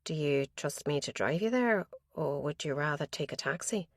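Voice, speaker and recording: A woman's voice: low-pitched, lively intonation, moderate pace, no echo, studio quality. A woman narrator voicing a female police detective who speaks carefully and politely. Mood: earnest.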